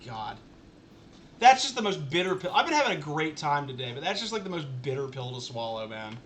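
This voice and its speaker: High bright-voiced man ranting while streaming. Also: sing-song, brisk, slight background noise. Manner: exasperated ranting, repeats himself. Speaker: game streamer. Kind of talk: casual live-stream commentary.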